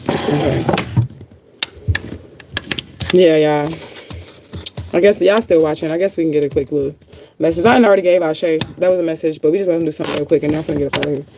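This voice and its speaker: A woman's voice: deep voice, fast, pauses often, background noise. A woman reading tarot in a casual livestream chat, blunt, chatty and freely profane. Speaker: tarot reader.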